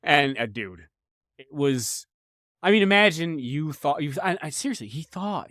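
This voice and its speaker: A man's voice: on the high side, normal speed, dry recording, studio quality. A young man hosting a podcast, telling stories casually with a lot of swearing, repetition and restarts. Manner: profane, animated, repeats himself. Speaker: podcast host. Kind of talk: casual comedic storytelling.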